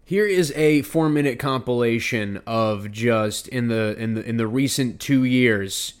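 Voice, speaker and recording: A man's voice: mid-range voice, a little slow, clear, resonant tone. A man hosting a podcast, ranting in a sarcastic, heated and repetitive way. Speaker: podcast host. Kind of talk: ranting commentary.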